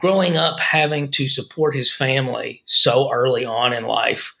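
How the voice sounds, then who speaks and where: A man's voice: mid-range voice, steady tone, moderate pace, creaky, bright, forceful tone. A man co-hosting a podcast, telling stories and jokes in a rambling, casual way. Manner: rambling storyteller, frequent restarts. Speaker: podcast co-host. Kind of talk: casual chat, storytelling.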